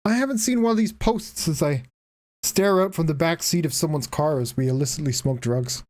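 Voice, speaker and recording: A woman's voice: deep voice, a little fast, a little mellow. A woman streaming a game, giving casual, profane, joking commentary and laughing often.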